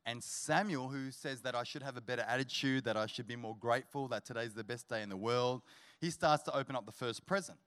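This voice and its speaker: A man preaching as a guest pastor at a church service, telling a humorous story before building to energetic exhortation. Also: mid-range voice, fairly quick, smooth. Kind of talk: sermon.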